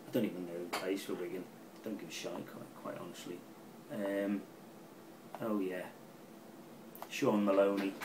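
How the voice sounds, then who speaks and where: A middle-aged man giving a casual, rambling football match preview, excitable and swearing freely. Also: lowish voice, distant mic, slight background noise. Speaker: football fan channel pundit. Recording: roomy, off-mic with faint ambience.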